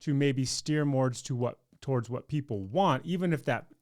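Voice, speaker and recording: A man's voice: mid-range voice, moderate pace, darkish tone. A man co-hosting a podcast, reading news items aloud and trading wry, teasing jokes in casual chat. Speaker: podcast co-host.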